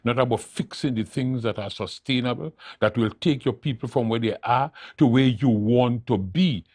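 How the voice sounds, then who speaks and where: An older man speaks as a studio interview guest, hammering his points by saying them again and again. His voice sits at an ordinary pitch, and the sound is close and dry with no room echo. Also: normal speed, a little mellow, husky. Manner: emphatic, repeats key phrases for emphasis. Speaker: interview guest, political leader. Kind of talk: studio talk show interview.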